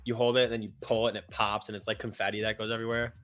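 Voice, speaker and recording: A man in casual live-stream banter, animated and profane, laughing as he talks. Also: on the low side, racing, soft background music. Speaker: co-host of live trading show. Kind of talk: casual chat.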